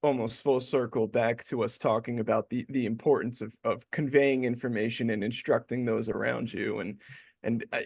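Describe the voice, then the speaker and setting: A male podcast host asks a guest questions in an encouraging, attentive way. His mid-range voice has a slight gravel to it, and the recording is dry and close. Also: mid-range voice, fairly even intonation, moderate pace, no room sound. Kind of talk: interview conversation.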